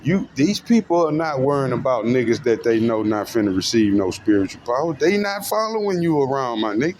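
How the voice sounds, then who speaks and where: A man delivering a profane ranting monologue, his voice jumping between low mutters and sudden high outbursts, with a faint hum of traffic behind. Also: sing-song, brisk, a little mellow. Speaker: self-styled preacher vlogger.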